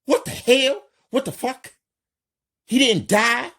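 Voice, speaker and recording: A man voicing a panicked, wounded male gangster, yelling in shocked outbursts. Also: very high-pitched, lively intonation, slow, voice pushed up, heavily acted.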